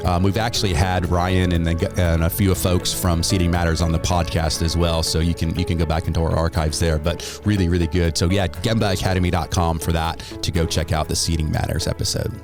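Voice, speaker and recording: An American podcast host chats casually, laughing often and restarting sentences amid many fillers. His voice sits low and flat, delivered briskly with hardly any pauses. Music plays in the background.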